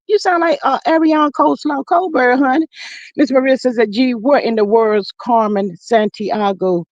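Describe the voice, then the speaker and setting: A woman hosting a casual livestream, greeting viewers and reading their comments aloud in a lively, sassy way. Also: medium pitch, no echo, lo-fi sound. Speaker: livestream host.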